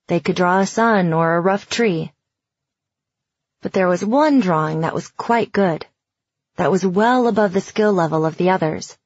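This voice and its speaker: A woman reading a first-person audiobook in a reflective, even storytelling manner. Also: on the low side, unhurried, husky, no room sound, highs cut off. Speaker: audiobook narrator.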